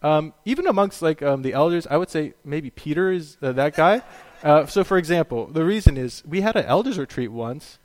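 Chatty pastor in a reverberant hall. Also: male voice, on the high side, lively intonation, fairly quick, darkish tone. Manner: chatty storytelling with fillers and laughs. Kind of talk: sermon. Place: church sanctuary.

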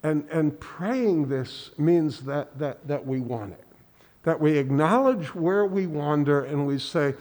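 A man preaching a sermon in earnest, halting speech, often restarting and repeating words. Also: a little high, darkish tone, in a large hall. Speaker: pastor. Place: church sanctuary.

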